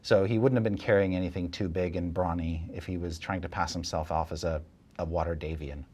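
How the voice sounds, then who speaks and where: A man serving as dungeon master, narrating a tabletop game in a relaxed, chuckling way with many fillers. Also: low voice, fairly quick.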